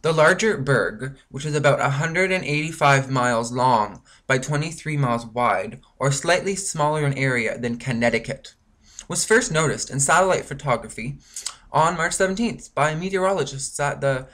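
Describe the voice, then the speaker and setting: A man's voice: mid-range voice, animated, normal speed, fairly bright tone. Guy from canada ranting on his vlog, pissed off, swearing a lot, lots of likes and ums. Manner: frustrated, profane, rambling with many fillers. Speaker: vlogger. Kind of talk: angry ranting monologue.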